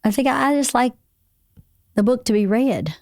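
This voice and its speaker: Joking woman podcast host, bouncy pitch, dry close mic. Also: lively intonation, moderate pace, a little mellow, no room sound. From American South. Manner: playful, jokey, laughs often. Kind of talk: casual chat.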